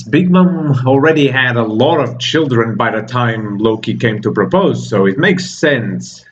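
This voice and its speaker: A man's voice: medium pitch, animated, measured pace, few pauses, muffled recording, a little hiss or hum. A man reading comic dialogue aloud and reacting to it, breaking off with exclamations and laughs. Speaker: manga reaction host.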